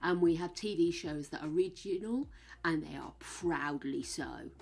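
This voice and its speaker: A woman's voice: on the low side, measured pace, vocal fry, a little mellow. An English woman streaming a game, chatting in a rambling way, laughing often and sometimes dropping to a whisper. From England. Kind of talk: casual chat while gaming.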